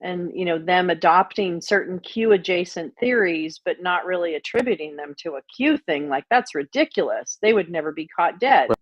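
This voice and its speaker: A woman's voice: on the low side, normal speed, few pauses, dry recording. Blunt, sweary woman chatting casually. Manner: blunt, sweary, animated storytelling. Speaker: livestream host. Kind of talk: casual profane chat. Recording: muffled lo-fi audio.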